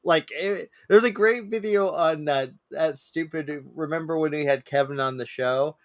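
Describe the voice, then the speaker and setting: A man on a podcast telling stories in a casual chat, swearing freely, his voice climbing when he acts out shouting people. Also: moderate pace, no echo, studio quality. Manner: swearing, animated storyteller, rises high when quoting angry people. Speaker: podcast co-host.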